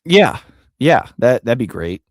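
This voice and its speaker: A man's voice: medium pitch, sing-song, slow, dry recording, clean studio sound. A man co-hosting a sports podcast, rambling casually with frequent fillers and the odd curse. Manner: rambling, profane, trails off with fillers. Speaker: podcast co-host.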